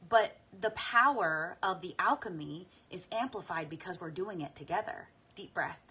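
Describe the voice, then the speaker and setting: Woman, guided tapping meditation, soft and unhurried, deep breaths and sighs, lowish pitch. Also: breathy edge.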